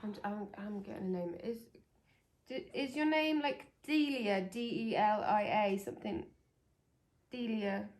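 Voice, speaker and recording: A woman gently putting questions to a spirit during a ghost hunt. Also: mid-range voice, measured pace. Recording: echoey room with faint noise.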